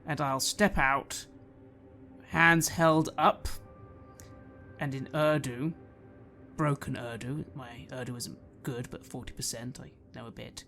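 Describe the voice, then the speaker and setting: Gravelly-voiced male player. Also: mid-range voice, fairly even intonation, takes it slowly, bright, forceful tone, soft background music. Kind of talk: playing a tabletop game in character.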